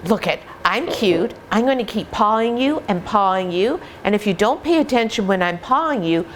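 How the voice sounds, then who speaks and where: A woman's voice: mid-range voice, lively intonation, normal speed, a little hiss or hum, natural voice. A woman voicing a cute, attention-seeking female dog in a pushy, cheeky way, close to her own voice.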